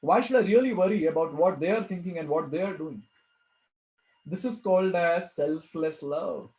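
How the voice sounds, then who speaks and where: A man's voice: a little high, normal speed, a little mellow, roomy sound, low-quality recording. A man with an Indian accent answering questions in a devotional Q&A talk, earnestly repeating key phrases and posing rhetorical questions. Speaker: spiritual teacher answering questions.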